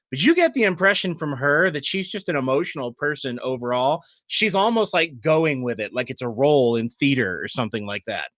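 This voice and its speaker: A man running a tabletop game as dungeon master, narrating in a playful, animated way with quick asides. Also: on the high side, no echo.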